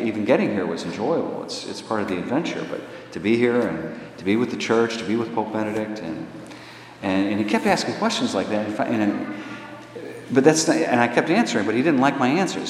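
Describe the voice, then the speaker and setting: A man preaching in a conversational storytelling way, his pitch rising when he drives a point home. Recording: echoey hall with long reverb.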